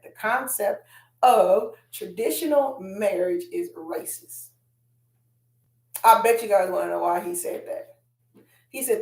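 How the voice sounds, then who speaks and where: Woman doing a casual vlog, talks right to the viewers, reads quotes out, roomy echo. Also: mid-range voice. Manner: chatty, addresses viewers directly, reads quotes aloud. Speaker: host.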